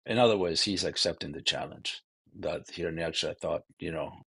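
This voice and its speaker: A man's voice: deep voice, moderate pace, vocal fry, sharp tone, slightly rough, no echo. A man giving a devotional scripture lecture in a loose, conversational way, often saying "you know". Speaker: scripture class speaker.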